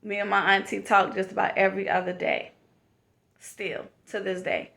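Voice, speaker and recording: A woman's voice: medium pitch, fairly even intonation, moderate pace, creaky, a bit bright. A woman, giving a heartfelt motivational self-love talk and calling the listener "honey.". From South Carolina, USA. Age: 40s. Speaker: vlogger.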